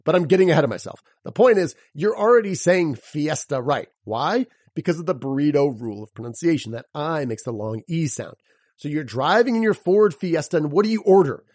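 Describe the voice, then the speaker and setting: A man hosts a solo podcast lesson with a fairly high voice that swings widely in pitch. His tone is slightly husky and the recording sounds dry and close. He talks like a teacher, spelling words out letter by letter and tossing rhetorical questions at his listeners. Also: a little fast, no room sound. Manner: lively, teacherly. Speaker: podcast host and sales coach.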